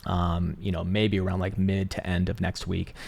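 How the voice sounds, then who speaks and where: A man with a low, gravelly voice walking through market charts in a loose, rambling way. He fills pauses with ums and uhs and drops the odd swear word as he talks through the numbers. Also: level tone, darkish tone. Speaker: crypto market analyst host. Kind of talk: casual chart analysis commentary.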